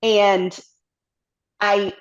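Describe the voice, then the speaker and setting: A woman's voice: mid-range voice, level tone, very slow. A middle-aged woman guest, a company CEO, telling her story candidly in a conversational interview and slipping into quoted self-talk. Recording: slightly muffled lo-fi audio.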